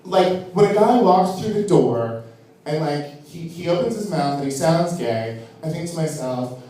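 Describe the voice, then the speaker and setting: Man doing stand-up comedy, theatrical delivery, slightly high voice, very echoey club room, mic a bit distant, faint ambience. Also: measured pace, slight background noise. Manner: animated and theatrical, swinging his pitch high for emphasis.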